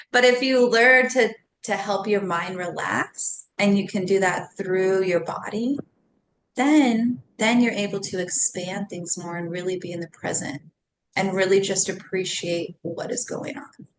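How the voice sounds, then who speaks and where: A woman's voice: mid-range voice, unhurried, slight background noise. A woman in her thirties, a guest on a podcast, talking casually and animatedly and laughing often between thoughts. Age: 30s. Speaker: podcast guest, somatic coach. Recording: roomy echo with faint ambience.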